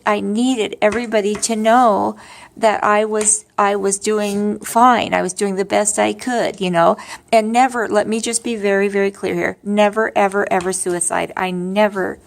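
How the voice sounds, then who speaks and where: With a gravelly, medium-pitched voice, fairly even intonation, and a measured pace, a weary middle-aged woman opens up about grief. Her casual vlog monologue rambles and restarts, and her humor is wry and frank.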